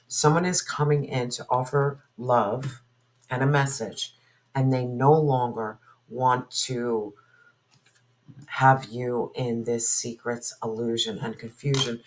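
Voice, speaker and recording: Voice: medium pitch, poor audio. A tarot reader giving a spoken reading to viewers, musing aloud and asking spirit questions in an intuitive way.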